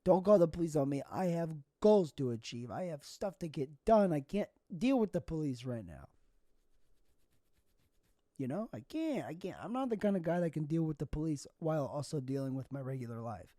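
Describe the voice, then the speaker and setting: A man's voice: fairly high pitch, very animated, normal speed, dark tone, no echo, clean studio sound. A young man hosting a solo comedy podcast, rambling through goofy, absurd tangents. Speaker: podcast host.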